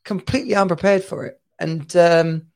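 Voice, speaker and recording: A man's voice: a little high, moderate pace, gravelly. A man in his forties from England, co-hosting a casual chat and telling stories animatedly with frequent laughter. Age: 40s. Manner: animated storytelling, laughs a lot. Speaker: podcast co-host.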